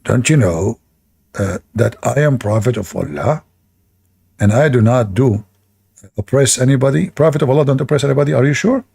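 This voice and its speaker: A man voicing a stern male king who presses hard with low, muttered questions. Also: animated, moderate pace, gravelly, warm tone, slightly rough.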